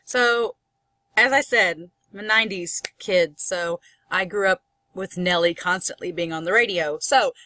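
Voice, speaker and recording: Bright-voiced enthusiastic woman lecturer. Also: on the low side, a little slow, dry recording. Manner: enthusiastic, animated, laughs often. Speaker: college English instructor. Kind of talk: recorded lecture.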